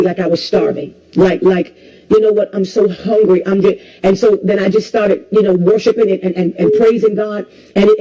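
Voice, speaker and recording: A woman preacher hosts a call-in livestream, her medium-pitched, dark voice coming through lo-fi audio. She takes callers and preaches in an emphatic, repetitive cadence.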